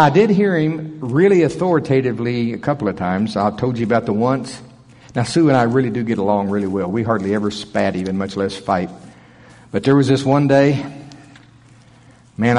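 A middle-aged male pastor with a husky voice preaches in a folksy, plainspoken way and chuckles between his stories. His voice carries the long reverb of a large auditorium, picked up through a stage mic. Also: mid-range voice. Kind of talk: conversational sermon with storytelling.

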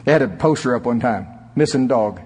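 A husky-voiced man preaches to his congregation, his voice jumping up high and then slowing hard to stress a point. His voice carries a long reverb, as if in a big church sanctuary. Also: lively intonation, darkish tone. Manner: preaching with sudden rises in pitch and drawn-out emphasis. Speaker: pastor. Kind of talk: sermon. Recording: echoey hall reverb.

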